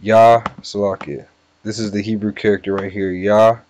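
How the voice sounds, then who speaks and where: Deep-voiced man teaching scripture casually. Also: little pitch movement, darkish tone. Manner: casual, repeats "all right" and "you know", sounds words out slowly. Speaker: bible teacher. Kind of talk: scripture lesson with word-by-word breakdown.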